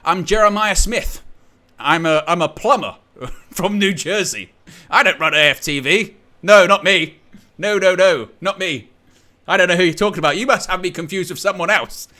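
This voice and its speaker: A guy hamming up a plumber swearing he's got no idea who you mean, high and bright, jokey denial. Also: moderate pace. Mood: mock innocent. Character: man feigning innocence, claims to be a New Jersey plumber.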